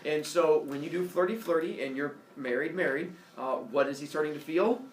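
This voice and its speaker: A man teaching a class, reading a novel aloud with animated expression and asking the students questions. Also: fairly high pitch, moderate pace, far from the mic, a little hiss or hum. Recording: roomy room from afar, faint ambience.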